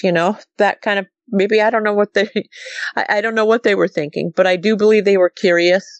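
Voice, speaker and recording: A woman's voice: medium pitch, brisk, no room sound. Storytelling middle-aged woman from Montana. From Montana, USA. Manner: animated, acts out quoted dialogue with repeated "she goes". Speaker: guest recounting a sighting. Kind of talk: casual storytelling interview.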